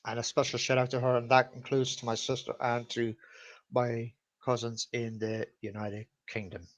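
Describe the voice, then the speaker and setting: Animated man telling stories. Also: medium pitch, normal speed. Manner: animated, swears freely, laughs at his own stories. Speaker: live-stream host. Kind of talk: casual live-stream storytelling. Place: at home in front of a camera. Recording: slightly dull lo-fi sound.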